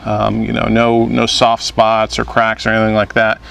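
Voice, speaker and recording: A young man casually reviewing a cigar, relaxed and pausing often with filler words. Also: fairly low pitch, creaky.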